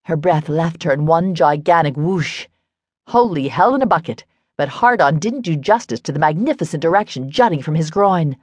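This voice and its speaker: A woman audiobook narrator giving a steady, measured reading of a romance novel. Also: sits low, no room sound.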